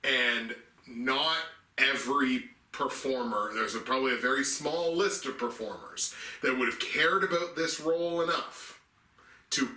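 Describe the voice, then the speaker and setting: A man's voice: mid-range voice, measured pace, pushed and bright, far from the mic. A man co-hosting a casual movie review chat, talking earnestly and restarting sentences as he explains his picks. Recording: echoey room, mic set back.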